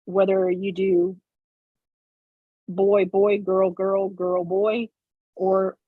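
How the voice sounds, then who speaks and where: A woman's voice: medium pitch, breathy edge, no room sound, phone-quality sound. A woman hosting a casual livestream, explaining step by step with lots of fillers. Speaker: host. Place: home sewing room on a video call.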